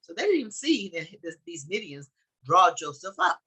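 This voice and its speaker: A woman's voice: fairly low pitch, sing-song, normal speed, pushed and bright, breathy edge, rough recording. A woman leading a Bible study, reading a text aloud and commenting in a loose, conversational way that thinks aloud as she goes.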